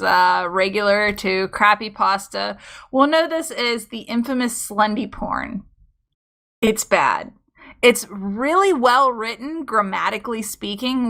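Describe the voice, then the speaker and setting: A woman co-host in an easygoing chat, her voice bright and a touch high. She giggles often and keeps things loose and playful. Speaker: co-host reading stories. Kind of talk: casual chat.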